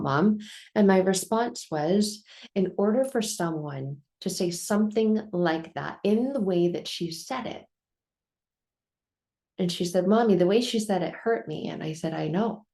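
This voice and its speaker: Middle-aged woman, lowish voice, earnest storyteller who repeats phrases for emphasis. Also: darkish tone. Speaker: vlogger telling a life lesson. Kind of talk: reflective personal storytelling.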